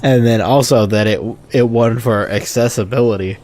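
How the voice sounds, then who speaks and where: A man's voice: mid-range voice, steady tone, normal speed, darkish tone. Chatty man rambling over gameplay. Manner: rambling, chatty, self-correcting. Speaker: gaming video host. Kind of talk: casual let's-play commentary.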